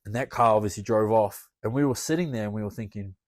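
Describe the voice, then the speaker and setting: A wrestler guest on a podcast, telling a story casually, swearing often and laughing between lines. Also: male voice, fairly low pitch, quick pace, darkish tone, dry recording. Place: podcast studio.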